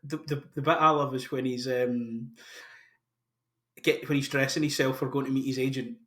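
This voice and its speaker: An enthusiastic man hosts a casual chat, talking at a middle pitch. He rambles eagerly and doubles back on himself. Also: level tone, normal speed, pushed and bright. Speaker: podcast host. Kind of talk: casual chat about casting.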